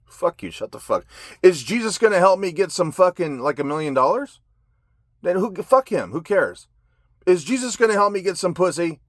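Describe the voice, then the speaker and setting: A man's voice: high voice, lively intonation, moderate pace, dry recording, studio quality. A man telling his life story in a raw, blunt monologue, swearing constantly. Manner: heavy profanity, blunt and agitated.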